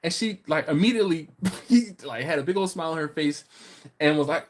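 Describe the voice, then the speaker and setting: A man's voice: on the high side, brisk. A man chatting casually on his live stream from his living room at home, telling stories with lots of laughter. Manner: animated, laughing storyteller.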